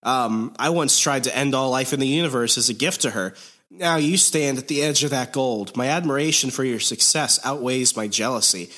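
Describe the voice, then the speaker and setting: A man voicing a grandiose cosmic warlord who speaks slowly, solemnly and pompously. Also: medium pitch, pushed and bright.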